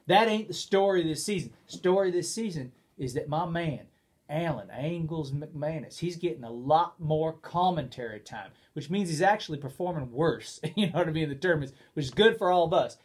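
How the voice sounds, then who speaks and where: Man, co-host, slightly high-pitched, animated, rambling, casual chat. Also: a little fast, husky. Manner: animated, rambling, lapses into put-on quotes.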